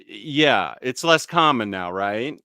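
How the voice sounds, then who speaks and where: A man's voice: mid-range voice, expressive, slow, pushed and bright, dry recording, studio quality. A man hosting a casual live stream, chatting easily and answering viewer comments, with frequent fillers and small self-corrections.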